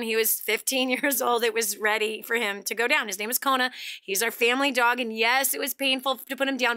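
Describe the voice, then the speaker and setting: A middle-aged woman hosting a motivational talk show, chatty and animated, laughing often as she talks. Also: a little high. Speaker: radio show host.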